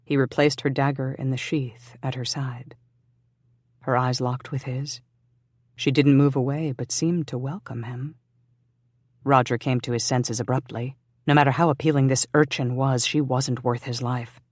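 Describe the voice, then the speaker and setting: An audiobook narrator reading a historical romance in an even, measured way. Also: mid-range voice, no room sound, clean studio sound.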